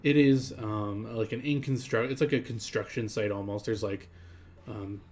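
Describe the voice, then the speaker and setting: A man's voice: fairly low pitch, fairly even intonation, normal speed, darkish tone. Rambling man running a tabletop game. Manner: rambling, full of um and like. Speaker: game master.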